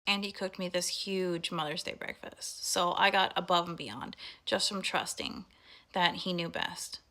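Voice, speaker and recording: Gravelly, bright-voiced woman chatting. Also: lowish voice, a little slow. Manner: chatty, heartfelt, lots of "like" fillers. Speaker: vlogger. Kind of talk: casual personal monologue.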